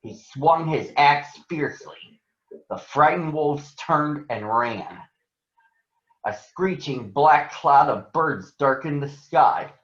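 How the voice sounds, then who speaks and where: A man reading a children's story aloud as a storyteller, in a slow, expressive way. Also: on the high side. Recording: roomy, dull sound.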